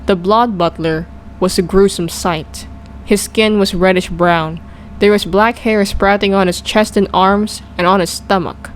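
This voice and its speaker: A woman narrates a children's storybook in a calm, steady reading voice. Her pitch sits in an even middle range, and a faint hum of background noise runs underneath. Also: a little slow, poor audio. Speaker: audiobook reader.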